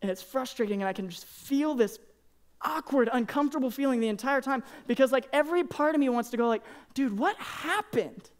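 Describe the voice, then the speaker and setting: A young man preaching a casual, earnest sermon to high school students, peppering his talk with "man" and "like". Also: quick pace. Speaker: youth pastor. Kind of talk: youth sermon.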